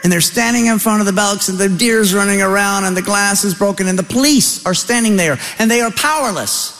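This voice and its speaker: A middle-aged man with a Southern US accent telling a comic story on stage, folksy and animated, talking to the audience. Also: high-pitched, fairly quick. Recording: long hall reverb.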